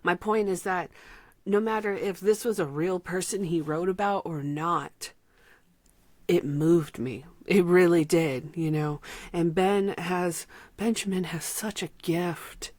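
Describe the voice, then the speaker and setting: A woman reviewing an album, speaking from the heart and close to tears, sometimes dropping to a soft whisper. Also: fairly low pitch, measured pace, no room sound. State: emotional, near tears. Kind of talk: emotional personal vlog talk.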